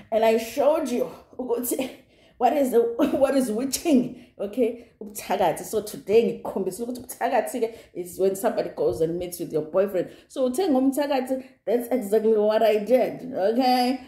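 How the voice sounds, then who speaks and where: A woman giving a lively, gossipy recap of a reality show. She acts out the quotes and laughs often. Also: fairly high pitch, moderate pace. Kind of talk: casual recap commentary. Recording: roomy echo.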